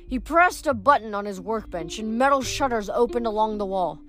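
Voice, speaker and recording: A woman's voice: fairly high pitch, brisk, hardly any pauses. Woman reading a novel aloud, faint music. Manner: steady reading with small slips and restarts. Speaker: audiobook reader.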